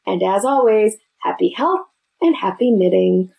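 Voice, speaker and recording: A woman's voice: mid-range voice, lively intonation, measured pace, vocal fry, darkish tone, poor audio. A woman hosting a casual knitting tutorial, chatty and friendly, speaking straight to her viewers. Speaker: knitting video host.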